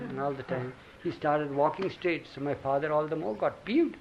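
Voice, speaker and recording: Recorded on a dull lo-fi 1980 tape with hiss, an older man with an Indian English accent chuckles through reminiscences, telling animated stories with acted quotes. He speaks at a moderate pace in a creaky voice on the high side, with long pauses.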